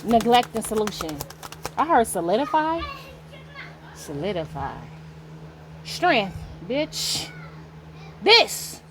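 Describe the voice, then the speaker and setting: Emphatic, higher-voiced woman reading tarot. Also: very animated, slow pace, pauses often, noisy background. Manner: emphatic, slangy and profane, talks straight to the viewer. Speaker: tarot reader. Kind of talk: casual spiritual tarot reading.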